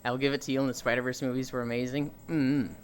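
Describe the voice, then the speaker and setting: A woman's voice: a bass voice, little pitch movement, fast, clear, resonant tone. A woman streaming, chatting casually and telling stories animatedly, swearing freely. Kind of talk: casual chat. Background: faint music.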